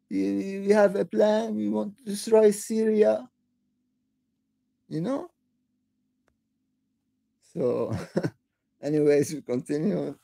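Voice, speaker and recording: A woman hosting her own channel, delivering an impassioned, upset political rant that breaks into shouting and halting restarts. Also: mid-range voice, creaky, no echo. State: upset, near tears. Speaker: online channel host. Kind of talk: angry political rant to camera.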